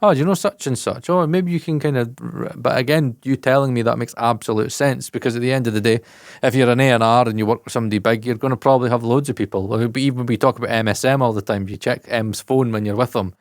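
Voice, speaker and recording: A Scottish man co-hosting a podcast about audio engineering, talking excitedly and swearing freely. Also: fast, dry recording, clean studio sound. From Scotland. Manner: excitable, swears freely, jumps pitch in animated asides. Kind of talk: casual podcast chat.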